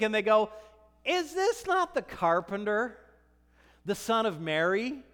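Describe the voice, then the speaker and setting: A man with a very high voice delivers a lively sermon, reading scripture and acting out its voices. His words carry a long reverb, as if recorded in a large church hall. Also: clean tone. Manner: animated preaching, acting out scripture dialogue. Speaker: pastor.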